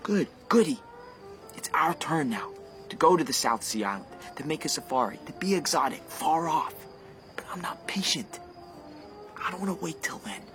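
A man's voice: fairly high pitch, sing-song, moderate pace, a bit bright, faint music behind. An actor playing a restless, sardonic young man who longs to get away and sometimes sinks to a whisper. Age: young adult. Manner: sardonic, brooding, drops to a whisper. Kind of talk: stage drama acting.

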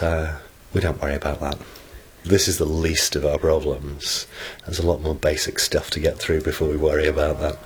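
Man, very deep husky voice, frank wry interviewee. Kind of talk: casual interview answer.

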